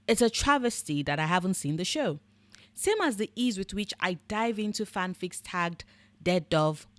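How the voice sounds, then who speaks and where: A woman's voice: medium pitch, no echo. Blunt, sarcastic woman with a dry close mic. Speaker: book and fandom commentator. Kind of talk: scripted commentary monologue.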